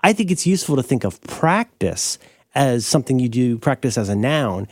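A man's voice: moderate pace, no room sound, clean studio sound. A man co-hosting a podcast in casual chat, rambling and correcting himself as he explains an idea. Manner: rambling, self-correcting, animated pitch jumps. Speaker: podcast co-host.

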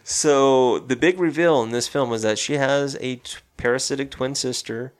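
Here a man co-hosting a laid-back movie chat speaks in a mid-range voice at normal speed. He recaps a horror film scene by scene, loosely, voicing its dialogue as he goes.

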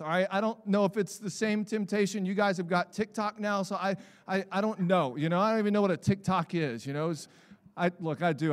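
A male pastor preaching to his congregation with a high, light voice. He swings between quiet, reflective asides and fired-up bursts, sometimes shouting a point home or mimicking people for effect. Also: long reverb tail. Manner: animated preaching, builds to shouts, mock voices for examples. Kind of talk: sermon. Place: church sanctuary.

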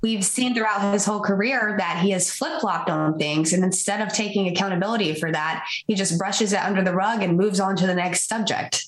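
A woman's voice: medium pitch, fairly quick, few pauses, reverberant, poor audio. A woman guest in a casual talk, earnest and opinionated, with hesitant fillers. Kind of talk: casual chat.

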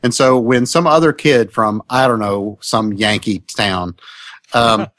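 A man's voice: lowish voice, a little slow, a bit bright, dry recording. A man on a podcast panel telling a self-deprecating story about his upbringing. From Southern US, Mississippi family. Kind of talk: casual panel chat.

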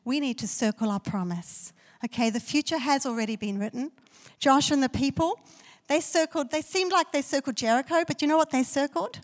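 A woman pastor preaching a story-driven sermon that swells into loud, declaring prayer. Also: fairly high pitch. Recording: long hall reverb.

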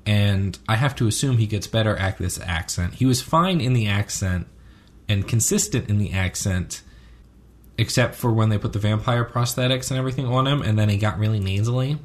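A man with a fairly low voice chats casually as a podcast co-host, picking apart a TV episode. He rambles along, stopping for ums and correcting himself as he goes. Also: fairly quick. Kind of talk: casual chat reviewing a TV episode.

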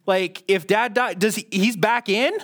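A man's voice: high voice, a little slow, a bit bright. A man preaching a sermon in a conversational, self-deprecating way, often restarting his sentences. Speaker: pastor.

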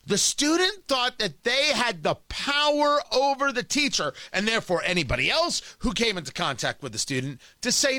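Animated, bright-voiced man holding forth. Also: very high-pitched, moderate pace, hardly any pauses, no echo. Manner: emphatic, repeats words when restarting. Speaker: radio talk host. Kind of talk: opinionated monologue.

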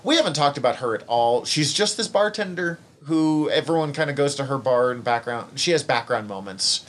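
A man's voice: medium pitch, lively intonation, a little fast. A man co-hosting a podcast, chatting casually about a TV series with fillers and acted-out quotes. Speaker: podcast co-host. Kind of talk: casual chat reviewing a TV series.

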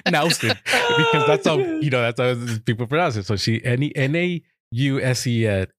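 A man telling a rambling, animated story in casual chat, laughing often. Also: medium pitch, moderate pace, no echo, studio quality.

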